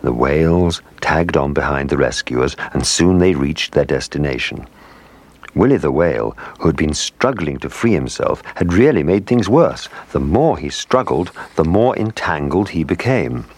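A man narrating a children's storybook in a gentle, expressive way. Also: a bass voice, moderate pace.

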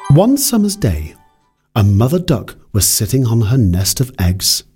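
A man narrating a children's fairy tale in a gentle, unhurried reading voice. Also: mid-range voice, big pitch swings, over music. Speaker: storyteller. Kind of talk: scripted children's story narration.

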